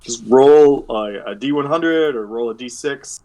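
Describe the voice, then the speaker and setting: A man's voice: medium pitch, measured pace, warm tone. A man running a tabletop game as game master, rambling with many fillers and restarts. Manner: rambling, filler-heavy, self-correcting.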